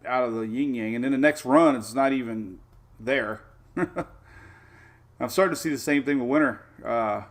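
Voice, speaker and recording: A medium-pitched man chats casually on a live weather show, looking over the maps and rambling with excitable remarks along the way.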